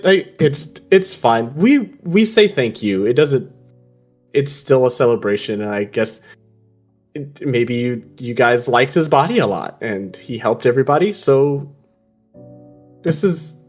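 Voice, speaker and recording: A man playing a tabletop game, chatting casually and joking with restarts. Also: on the high side. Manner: animated, stammering, joking. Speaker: tabletop player. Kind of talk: casual in-character tabletop play.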